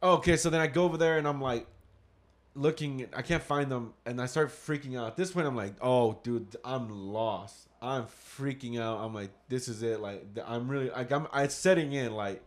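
A man's voice: medium pitch, moderate pace. Rambling man telling a casual story. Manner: rambling, acts out his own past thoughts with lots of "I was like"; swears casually. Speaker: father.

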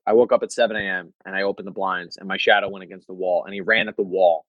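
A male comedian guest in casual chat, an animated storyteller who laughs often. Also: low-pitched, fast, dry recording, narrow, tinny audio.

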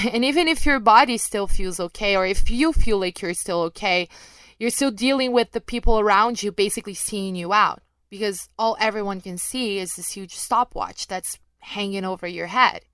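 A woman's voice: mid-range voice, moderate pace, fairly bright tone, clear, resonant tone, no echo. Woman, young adult, journalist answering listener questions, chatty, self-deprecating, dry close recording. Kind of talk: casual chat, reading out questions.

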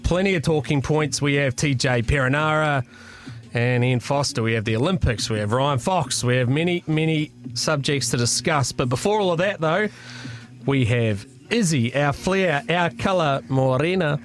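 New Zealand host opening a radio show. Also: male voice, a little high, faint music behind. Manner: brisk, listing the show's topics.

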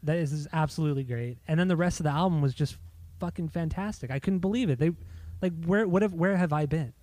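A man's voice: a little high, fast, a little mellow, no room sound. An American man chatting casually and enthusiastically, with many fillers and some swearing. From United States. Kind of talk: casual chat.

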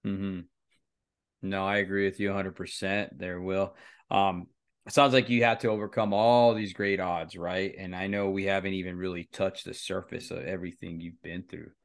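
A man's voice: low-pitched, level tone, moderate pace. A man hosting a podcast, asking questions in an encouraging, conversational way. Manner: encouraging, backchannels often. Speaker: podcast host. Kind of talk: conversational interview.

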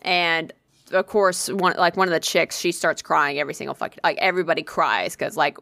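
A young woman casually telling an excitable, profanity-laced story, acting out the voices of the people in it. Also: fairly low pitch, a little fast, vocal fry, dry recording. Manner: excitable, swears freely, acts out quoted voices. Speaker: convention volunteer telling a story.

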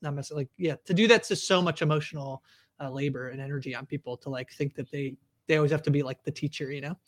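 A man co-hosts a television recap podcast with a high-pitched voice. He rambles loosely, leaning on "like" and restarting his sentences. The sound is dry and close. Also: fast talker, no room sound. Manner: rambling, lots of "like" fillers and restarts. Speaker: podcast co-host. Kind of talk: casual recap chat.

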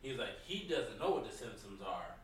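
A man's voice: on the low side, very animated, fairly quick, recorded from a distance. A man chatting casually, retelling a conversation by quoting what others said. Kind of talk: casual chat. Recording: very echoey room, off-mic, faint noise.

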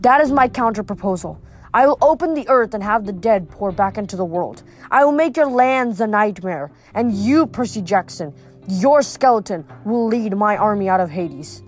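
A woman's voice: medium pitch, lively intonation, normal speed, soft background music, close to an everyday voice. A woman voicing an imperious, angry male god of the underworld who bellows threats and grievances in a storybook reading. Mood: threatening.

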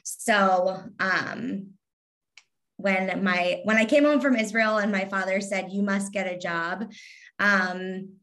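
A woman's voice: medium pitch, slow, a bit bright. Kentucky lady in her 30s, slight southern twang, sarcastic witty chat, lotsa ums. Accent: light Southern (Kentucky) twang. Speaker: guest, Instagram influencer. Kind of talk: casual interview chat.

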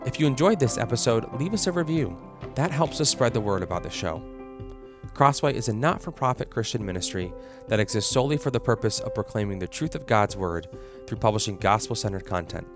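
A man hosting a podcast, asking questions and reading the outro in a measured, conversational way. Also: on the low side, expressive. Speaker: podcast host. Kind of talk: interview and outro. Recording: music underneath.

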